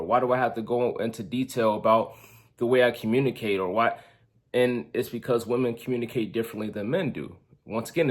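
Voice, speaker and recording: A young adult man, a relationship coach, talking earnestly to camera from his notes and acting out everyday examples. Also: medium pitch. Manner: earnest, reads from notes, repeats points with quoted examples. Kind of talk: casual talk to camera.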